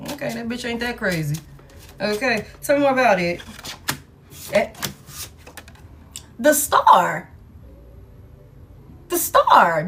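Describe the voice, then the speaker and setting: Woman tarot reader at home, higher voice, profane and emphatic delivery. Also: a bit bright, a little hiss or hum. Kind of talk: collective tarot reading.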